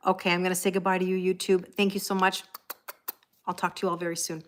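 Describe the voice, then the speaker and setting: A woman's voice: on the low side, level tone, fast talker. A woman in her forties, a tarot reader, chatting on a live stream, laughing often and answering viewer comments.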